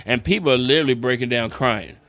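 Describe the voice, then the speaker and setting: Middle-aged comedian guy telling stories, swears a lot, laughs through it, bright voice, dry close mic. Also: medium pitch, quick pace, no room sound. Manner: animated, profane, laughs through his stories. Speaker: stand-up comedian guest. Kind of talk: comic storytelling in casual chat.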